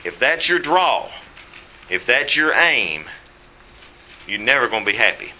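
A man's voice: mid-range voice, big pitch swings, a little slow, bright, forceful tone, rough recording. A man teaching a Bible class in a folksy, rambling way.

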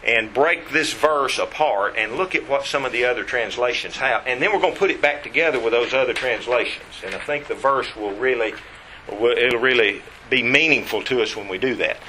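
A man preaching a sermon, reading scripture aloud and stressing key words deliberately. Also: mid-range voice, bright, forceful tone, a little hiss or hum, poor audio.

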